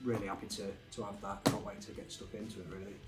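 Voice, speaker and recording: A man chatting casually about his game finds, relaxed and rambling with fillers. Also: lowish voice, quick pace. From England. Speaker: game collecting vlogger. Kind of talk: casual chat. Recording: echoey room, faint music behind.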